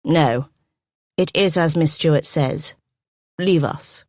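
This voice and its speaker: A woman voicing a firm, decisive young gentleman in an audiobook. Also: sits low, slow, no echo, clean studio sound.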